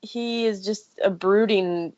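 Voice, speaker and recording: A woman's voice: medium pitch, fairly even intonation, slow pace, darkish tone. A woman artist guesting on a podcast, chatting casually and painting while she talks. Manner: chatty, laughs often, painting while talking. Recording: dull, muffled sound.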